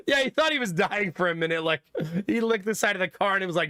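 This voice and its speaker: A young streamer dad tells stories to his chat in a high, bright voice. He is animated and laughs often. The sound is dry and close, with no room echo. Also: fast, clear, resonant tone. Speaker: streamer and father. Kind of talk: casual chat with stream viewers.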